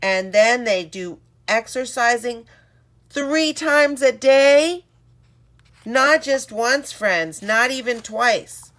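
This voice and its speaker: Give me a woman playing cheering Olympic athletes coaching kids in a slow, high voice. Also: expressive, a bit bright. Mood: encouraging.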